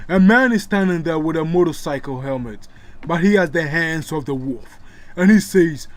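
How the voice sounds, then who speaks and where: Man, casual comic narrator, chatty asides, slightly high voice. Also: animated, moderate pace, dry recording.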